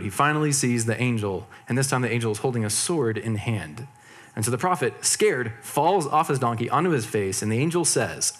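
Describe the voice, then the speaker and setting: Male preacher, mid-pitched voice, casual storytelling sermon, humorous slangy asides. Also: fairly quick.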